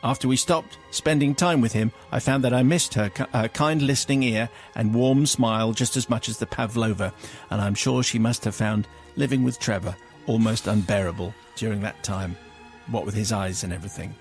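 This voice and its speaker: A man hosting a radio show, reading a listener's confession letter aloud in a dry, measured way. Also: on the low side, steady tone, faint music behind. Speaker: radio host. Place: radio studio.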